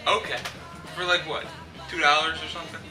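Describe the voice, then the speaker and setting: A man's voice: fairly high pitch, little pitch movement, a little fast. A man co-hosting a casual movie review who chimes in and finishes his partner's sentences. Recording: roomy and distant, with clear music behind.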